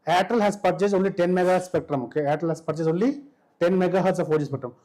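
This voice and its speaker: High-voiced Indian English lecturer. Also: male voice, mellow, poor audio. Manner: asks the class frequent quick questions. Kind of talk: classroom lecture. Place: college lecture hall.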